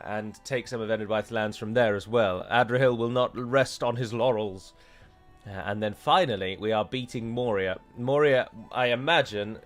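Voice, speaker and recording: A man's voice: mid-range voice, fairly bright tone. Chatty British man streaming a war game. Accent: British English. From United Kingdom. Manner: chatty, with mock-heroic pronouncements. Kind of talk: live gameplay commentary.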